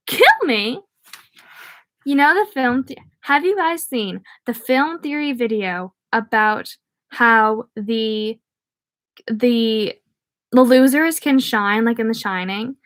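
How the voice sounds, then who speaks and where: A woman's voice: fairly high pitch, no echo. Chatty young woman reading aloud. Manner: chatty, scattered asides to viewers. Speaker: read-aloud streamer. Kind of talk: live-streamed book reading with chat asides.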